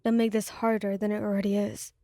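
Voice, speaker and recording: Woman playing a gruff young man in a breakup ASMR story; low, raw, frustrated. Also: little pitch movement, fairly quick, mellow, dry recording, studio quality, natural voice. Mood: strained.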